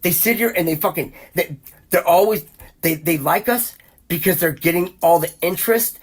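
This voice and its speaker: A man's voice: high-pitched, moderate pace, breathy edge. A man hosting a podcast, talking in a heated, profane, rambling rant full of restarts and repeated exclamations. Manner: repeats exclamations in rising bursts. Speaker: podcast host.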